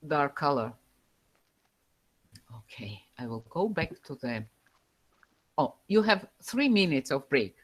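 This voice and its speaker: A woman lecturing a university class over a live online call, pausing often and searching for words with fillers. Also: sits low, very animated, breathy edge. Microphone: computer microphone over a video call.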